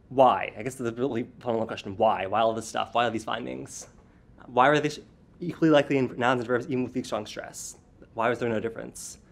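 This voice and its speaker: Man, academic research talk, medium pitch, clear explanations, stresses contrasting words, occasional ums. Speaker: student researcher presenting a study.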